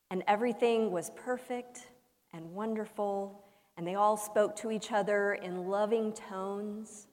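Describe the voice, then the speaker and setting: A woman pastor delivering a sermon as a humorous story, with dramatic pauses and shifts between loud emphasis and hushed soft lines. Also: medium pitch. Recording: long reverb of a large hall.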